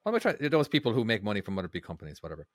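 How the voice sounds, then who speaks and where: A man's voice: on the low side, wildly swooping pitch, racing, no room sound, studio quality. A man co-hosting a casual podcast, rambling with many restarts and frequent laughter. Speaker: podcast co-host.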